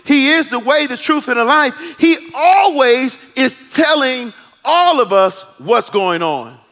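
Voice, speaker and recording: A man with a very high, bright voice delivers a sermon at a slow, deliberate pace. He moves from calm teaching to loud, high-pitched shouted calls. His voice rings out in a large hall with a long reverb. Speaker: preacher.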